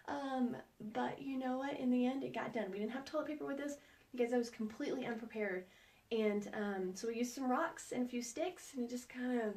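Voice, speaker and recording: A woman in her forties explains outdoor skills in a casual, chatty way. Her voice sits a bit high, and she tells stories with animated energy and the odd light laugh. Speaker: outdoor educator and biologist. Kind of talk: casual how-to talk with a personal story.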